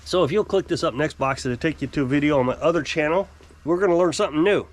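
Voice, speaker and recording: A man's voice: a little high, quick pace. A middle-aged man hosting his own channel, ranting in a casual, opinionated way and putting on voices when he quotes people. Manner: animated, opinionated, mimics voices when quoting. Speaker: channel host. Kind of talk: casual political vlog rant.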